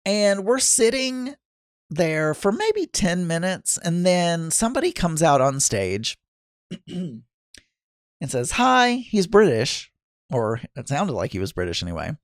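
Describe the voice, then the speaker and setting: A man's voice: on the high side, sing-song, takes it slowly, dry recording, clean studio sound. A man casually telling a rambling story, with many restarts and asides.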